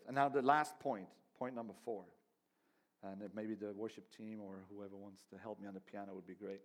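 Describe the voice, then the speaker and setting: A middle-aged man, a pastor and father, preaching a sermon in an earnest, conversational way, often restarting phrases and laughing lightly. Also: lowish voice.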